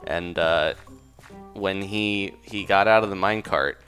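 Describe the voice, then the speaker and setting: Low-voiced man rambling through a game story. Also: measured pace, a bit bright. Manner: rambling, casual, with fillers and side comments. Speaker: gaming video creator. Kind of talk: improvised story narration over gameplay. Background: faint music.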